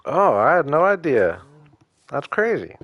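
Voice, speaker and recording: A man casually chatting and joking with his viewers while playing a game, relaxed and full of small hesitations. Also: a little high, unhurried, dry recording, muffled recording. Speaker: streamer. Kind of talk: casual live-stream chat with viewers.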